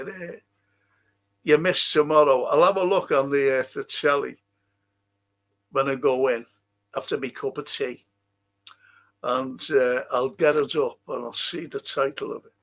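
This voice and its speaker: Older man with a gravelly, husky voice. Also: mid-range voice, measured pace, pauses often, fairly bright tone. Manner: rambling and profane, chuckling often. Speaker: livestream host. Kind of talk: casual rambling chat, reading viewer comments.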